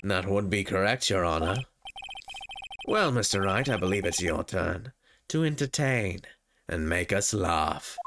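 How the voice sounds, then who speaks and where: A man's voice: deep voice, lively intonation, a little slow, a bit bright, a little hiss or hum, pitched below the performer's own voice, exaggerated voice. A man voicing a haughty young male prosecutor, speaking in a clipped, superior way over game music. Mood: cold, haughty.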